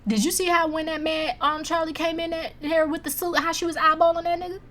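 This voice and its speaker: A woman reviewing movies in a casual chat, blunt, profane and animated as she rants. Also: very high-pitched, fast talker.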